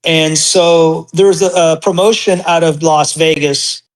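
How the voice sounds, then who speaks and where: A man's voice: a little high, fairly even intonation, unhurried, rough recording. A man in his forties, a podcast guest, telling casual stories with animation and acting out the voices of people he quotes.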